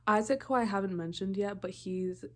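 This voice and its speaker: A woman's voice: mid-range voice, moderate pace. Chatty young woman recapping a show. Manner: rambling, chatty, interrupts herself often. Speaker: vlogger.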